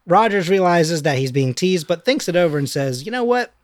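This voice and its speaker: Man, casual scene recap, slightly high voice, very dry sound, playful. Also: no echo. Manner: playful, reads out dialogue in quick put-on voices. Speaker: podcast co-host recapping a film scene. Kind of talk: casual film recap narration.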